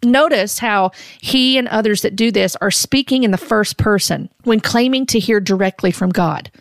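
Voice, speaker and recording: A woman giving earnest, measured Christian commentary, often restarting her sentences as she goes. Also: medium pitch, no room sound, studio quality.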